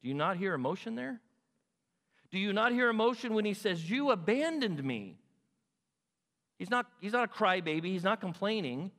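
A man preaching a sermon in an animated way, acting out God's words and asking his listeners questions. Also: high-pitched, brisk, in a large hall. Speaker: pastor.

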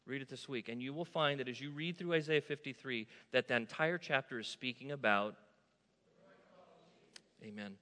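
A man preaching a sermon, moving from soft asides to loud, emphatic declarations. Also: mid-range voice, moderate pace, long pauses. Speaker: pastor. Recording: long hall reverb.

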